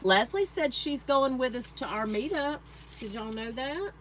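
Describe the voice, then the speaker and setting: A woman's voice: high-pitched, expressive, unhurried, fairly bright tone, slight background noise, rough recording. A woman hosting a craft channel, chatting casually with her viewers while she works, laughing often. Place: home craft room.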